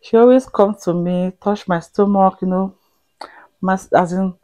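A young woman vlogging to camera with heartfelt thanks, sighing and dropping into soft whispers at times. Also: mid-range voice, steady tone, a little slow. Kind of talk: emotional personal vlog to camera.

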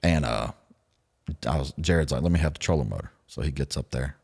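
Man, very deep voice, chatty podcast host, laughs through his stories. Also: fairly quick, gravelly, breathy edge. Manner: animated storyteller, laughs often, acts out quotes. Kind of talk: casual storytelling chat.

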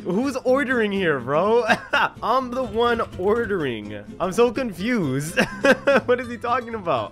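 A man's voice: high voice, big pitch swings, normal speed, fairly bright tone. A young man hosting a gaming video, chatting casually over his gameplay, laughing often and reading the in-game chat aloud.

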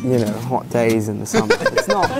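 A man's voice: mid-range voice, huge pitch swings, brisk, over loud music, rough recording. A teenage boy chatting animatedly, laughing easily. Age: teens. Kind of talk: casual chat.

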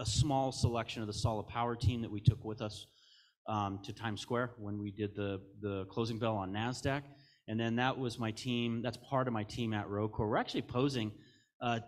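A middle-aged American man speaks into a stage microphone at a conference keynote. His pitch sits in an ordinary middle range. He talks candidly and with humor, acting out quoted asides as he tells stories. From United States. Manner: candid, jokey, animated storytelling with quoted asides.

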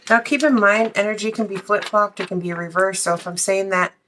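A woman's voice: medium pitch, steady tone, a little fast, a bit bright, a little hiss or hum. Chatty, blunt woman reading tarot. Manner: chatty, blunt, swears casually. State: out of breath. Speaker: tarot reader.

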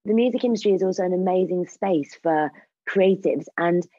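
Mellow low woman on dull lo-fi audio. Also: normal speed, no echo. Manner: upbeat, fluent, enthusiastic. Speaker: DJ guest. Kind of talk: casual panel chat.

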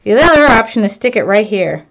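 A woman artist chatting to her live viewers as she works, excitable and self-mocking, laughing often. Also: mid-range voice, a little fast, creaky. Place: home art studio, indoors. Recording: dull lo-fi stream audio.

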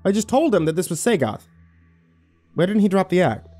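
A man narrating a first-person horror story in a wry, expressive way. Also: high-pitched, fairly quick, husky, faint music behind.

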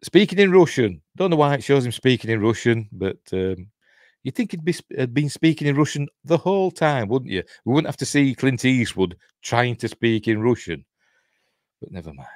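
A man's voice: mid-range voice, very animated, normal speed, a little mellow, no echo, clean studio sound. A middle-aged man with a Yorkshire accent giving a rambling, casual commentary while watching a film, full of ums and small chuckles. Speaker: channel host, film commentator.

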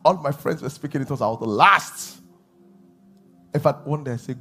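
A man preaching a sermon as pastor, animated, laughing and acting out voices. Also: a little high, moderate pace, pauses often, soft background music. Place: church hall.

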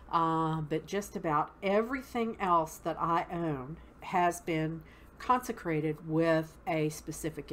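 A woman's voice: lowish voice, slight background noise. A woman with a Southern US accent teaching witchcraft basics, explaining patiently step by step and checking in with "okay?". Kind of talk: casual instructional talk.

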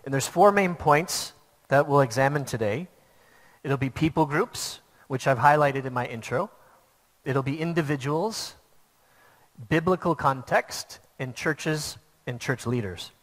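A man's voice: on the high side, a little slow. A man preaching a sermon to a church, telling a personal story in an earnest, plain way. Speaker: pastor. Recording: long hall reverb.

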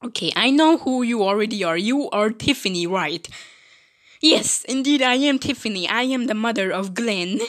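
A woman's voice: a little high, expressive, normal speed, fairly bright tone. A woman hosting a toy doll role-play, chatty and dramatic as she switches between characters. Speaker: channel host voicing dolls.

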